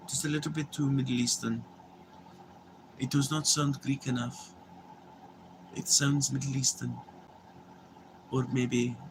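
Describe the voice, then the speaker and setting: Over a noisy background, a young man with a mid-range voice talks with his livestream audience in a loose, wandering way. He swears openly, uses fillers and keeps restarting his sentences.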